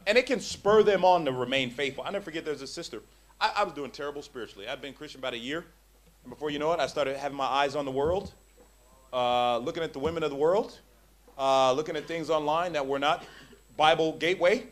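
Animated preacher man with a lively voice. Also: a little high, brisk. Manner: animated, jokey, repeats words when building up. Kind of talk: sermon.

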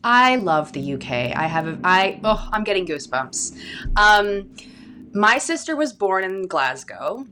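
A woman's voice: medium pitch, sing-song, a little slow, pushed and bright, a little hiss or hum. A woman from British Columbia, a guest actor chatting in an interview, talking freely with fillers and frequent laughs. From British Columbia, Canada. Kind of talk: casual interview chat.

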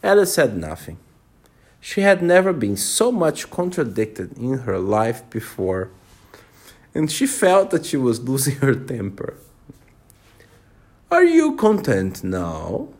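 A man reading a storybook aloud to children, pausing to explain words to them. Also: mid-range voice, sing-song.

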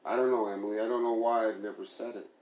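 Flustered evasive young guy, as the reader voices him, hesitant, low voice, echoey. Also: fairly even intonation, fast talker, a little mellow, natural voice. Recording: roomy echo.

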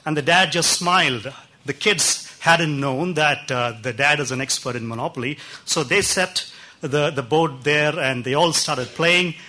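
A man delivering a sermon, his voice bright and ringing, sitting a touch higher than most men. He tells stories in a loose, conversational way, pausing often and filling gaps with small hesitations. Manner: warm anecdotal storytelling with pauses and fillers. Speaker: pastor. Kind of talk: sermon storytelling.

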